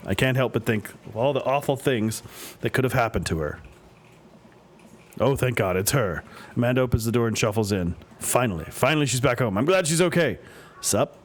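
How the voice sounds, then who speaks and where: A man's voice: mid-range voice, lively intonation, fairly quick, slight background noise. A man reading a story game aloud for a let's play, voicing the dad character, with playful joking asides. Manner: playful, joking asides between read lines.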